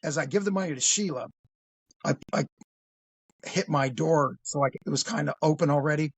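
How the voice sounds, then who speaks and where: A man's voice: fairly high pitch, normal speed, husky, no echo. A man telling a crime story in a casual, blunt, profane way.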